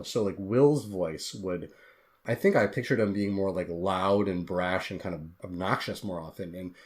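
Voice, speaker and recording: A man's voice: sits low, normal speed. A man, a guest author on a podcast interview, telling his story in an earnest, heartfelt way.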